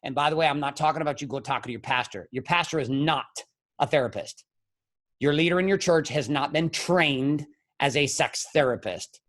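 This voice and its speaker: Middle-aged male guest, somewhat high voice, blunt and profane, hammers every point home. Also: normal speed, a bit bright. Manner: blunt, profane, emphatic storytelling. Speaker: podcast guest, men's coach. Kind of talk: candid podcast interview.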